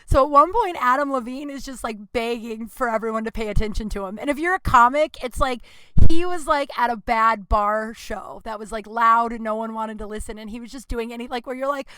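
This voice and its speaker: A woman comedian hosting her podcast, telling stories in a blunt, profane, animated way. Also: on the high side, fairly quick, smooth, no echo. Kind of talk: casual storytelling monologue. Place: indoor room.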